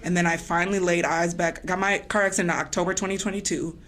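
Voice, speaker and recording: Woman host speaking haltingly through grief. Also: on the low side, fairly even intonation, fairly bright tone. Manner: halting, pauses to hold back tears. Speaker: podcast host. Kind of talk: emotional podcast conversation.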